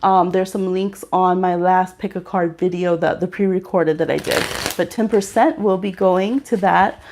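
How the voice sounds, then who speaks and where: A woman's voice: lowish voice, fairly even intonation, normal speed, background noise. A woman hosting a live-stream tarot reading, chatting casually with many fillers while she reads the chat aloud.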